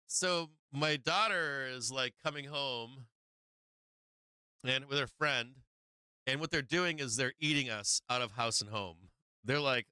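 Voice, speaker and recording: A man's voice: medium pitch, unhurried, bright, forceful tone, smooth, dry recording. A middle-aged man hosting a market livestream, telling a rambling family story in a casual way. He laughs often and acts out the voices of his family. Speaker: stock market livestream host.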